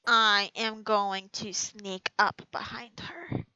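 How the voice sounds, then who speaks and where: A woman's voice: medium pitch, fairly even intonation, takes it slowly, sharp tone, clear, resonant tone, no room sound, muffled recording. A woman playing in a tabletop game, chatting and giggling. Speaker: player. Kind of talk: casual chat at a tabletop game.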